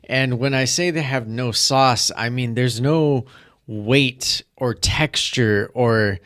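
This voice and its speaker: A young man co-hosting a podcast, giving an emphatic, deliberate film critique in casual chat. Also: medium pitch, no room sound, clean studio sound. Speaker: podcast co-host.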